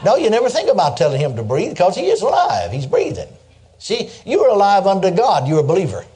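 A man's voice: high voice, huge pitch swings, fast, dark tone. An older man preaching a sermon, telling stories in a folksy way and chuckling as he goes. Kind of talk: sermon with storytelling.

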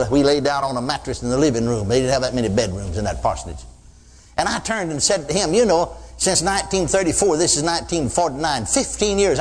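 An older man preaching a sermon, telling folksy stories and acting out loud prayers. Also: on the high side. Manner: folksy storytelling, mimics praying loudly. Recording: reverberant hall.

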